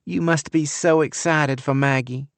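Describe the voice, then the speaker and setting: A woman's voice: sits low, steady tone, unhurried, no echo, pitched above the performer's own voice. A man voicing a young woman with a syrupy Southern US accent in an audiobook, sweet and giggly.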